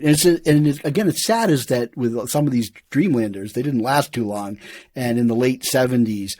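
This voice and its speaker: A man hosting a podcast in casual chat, retelling scenes with lively enthusiasm. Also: medium pitch, moderate pace, no echo, clean studio sound. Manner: animated storyteller who acts out quotes and laughs often. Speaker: podcast host.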